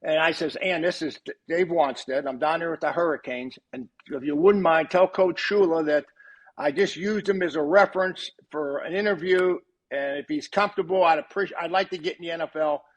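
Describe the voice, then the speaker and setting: A man's voice: fairly high pitch, fairly quick. An older man, a retired coach and podcast guest, tells long anecdotes in a casual way and acts out the dialogue he quotes. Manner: animated storyteller who acts out quoted dialogue.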